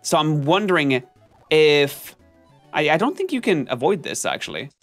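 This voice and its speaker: A man's voice: fairly high pitch, very animated, normal speed, a bit bright. Male streamer, gameplay commentary, reading chat, self-mocking, melodramatic, faint game music behind.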